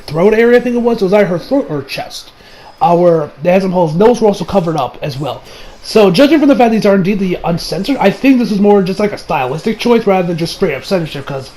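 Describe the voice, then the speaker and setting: A high-voiced man rambles through a casual anime review at home. He leans on fillers and restarts and swears freely. A faint hiss of noise sits under the recording. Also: a little mellow, low-quality recording.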